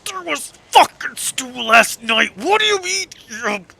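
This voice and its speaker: A man voicing a grumpy old hunchbacked male sailor who shouts and curses as he scolds. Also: on the high side, big pitch swings, normal speed, full character voice. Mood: angry.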